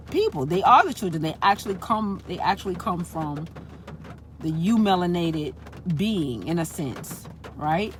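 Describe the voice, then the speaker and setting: A spiritual channel host with a mid-range voice rambles through a casual spiritual monologue, repeating herself and tagging points with "right?" again and again. There's a little hiss or hum in the audio.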